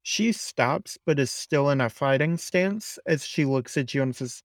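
Role: game master. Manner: slow, measured narration. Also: male voice, medium pitch, animated, dry recording.

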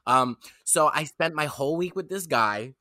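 A young woman telling a candid, self-deprecating story on a podcast, animated and quick to joke at her own expense. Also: low-pitched, no echo. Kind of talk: casual storytelling chat.

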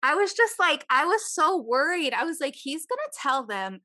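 A woman chats casually on a podcast, telling a story and acting out what people said, with plenty of swearing. Her voice is bright and forward. The sound is dry and close. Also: high-pitched, big pitch swings, moderate pace, no echo. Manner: chatty, swears freely, acts out quotes.

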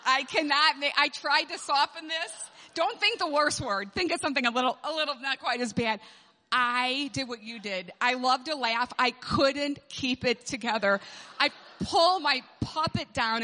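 A woman giving an animated storytelling sermon to a group of moms, laughing often as she speaks. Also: high-pitched, unhurried. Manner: animated, laughs often while telling stories. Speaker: speaker at a moms' gathering. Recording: long hall reverb.

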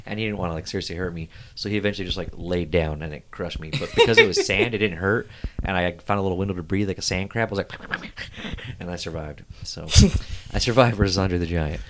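A man's voice: low-pitched, fast talker, slight background noise. A young adult man hosting a casual podcast chat, telling stories with lots of laughter. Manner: animated storyteller, laughs often. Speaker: podcast host.

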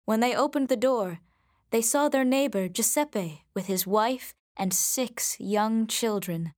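A woman reads a storybook aloud in a gentle, measured way. Her voice sits fairly high, and the recording is dry and close. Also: no room sound. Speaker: narrator. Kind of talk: storybook reading.

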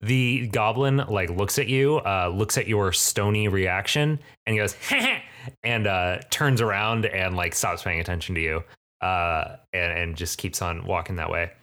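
A man's voice: low voice, a little slow, fairly bright tone. A man narrating as game master of a tabletop game, hesitant and full of fillers as he describes the scene.

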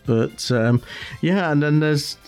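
A man's voice: fairly high pitch, takes it slowly, darkish tone, clear, resonant tone, soft background music. A man co-hosting a podcast in casual chat, hesitant with many restarts. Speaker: podcast co-host.

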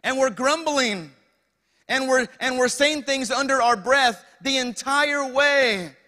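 A man's voice: extremely high pitch, slow, pushed and bright, big-room sound. A young man preaching a sermon as pastor, calling out to the congregation with asides and rhetorical questions. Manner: preaching with call-outs to the congregation.

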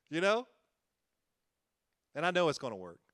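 Earnest, folksy pastor with a higher voice. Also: male voice, huge pitch swings, slow, fairly bright tone, no echo, clean studio sound. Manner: earnest and folksy, often chuckling and repeating himself. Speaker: church-planting pastor. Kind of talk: conversational sermon.

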